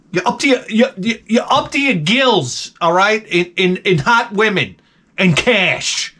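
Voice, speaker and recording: A man hosting an unboxing vlog, talking in an excitable, rambling way with frequent exclamations. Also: sits high, measured pace. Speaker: YouTube host.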